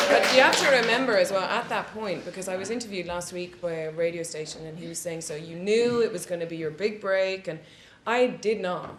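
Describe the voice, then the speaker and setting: On a studio panel in front of an audience, a female guest shares frank, foul-mouthed stories, frequently breaking into laughter. She has a fairly low voice and talks a little fast, picked up with roomy echo and a faint hiss behind.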